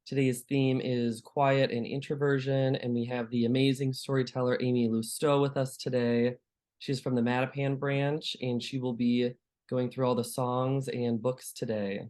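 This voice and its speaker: A man's voice: medium pitch, level tone, moderate pace, darkish tone. A man hosting and welcoming everyone, introducing the storyteller. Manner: friendly, introduces the guest. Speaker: program host.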